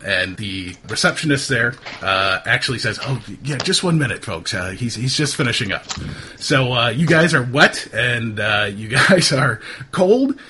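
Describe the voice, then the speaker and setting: A man with a bright, forceful voice narrates a tabletop game as its game master. He talks in a relaxed, halting way, full of ums and uhs. A faint hiss sits under his voice. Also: mid-range voice. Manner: relaxed, hesitant, many fillers.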